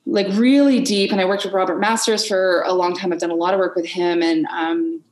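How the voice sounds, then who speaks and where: A woman as a podcast guest in an unscripted conversation, candid and expressive, swearing freely and acting out her inner voices. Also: on the low side, fairly quick, roomy sound, rough recording.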